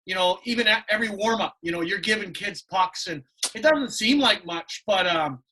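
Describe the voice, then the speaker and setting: Middle-aged dude cohosting a podcast, high bright voice, gushy and chatty. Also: male voice, lively intonation, normal speed, low-quality recording. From Canada. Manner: chatty and effusive, many fillers. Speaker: podcast co-host. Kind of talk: casual chat.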